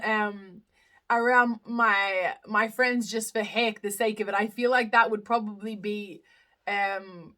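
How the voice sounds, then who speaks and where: An Australian young woman with a slightly high, sharp-toned voice hosts a casual live stream from her phone. She chats through viewer comments with plenty of fillers and restarts.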